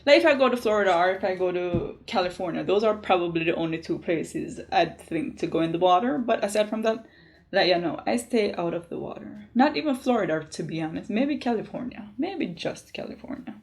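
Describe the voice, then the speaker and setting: A young woman from Jamaica with a Jamaican accent, chatting casually to camera in an animated way and laughing often. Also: on the low side, a little fast. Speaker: vlogger.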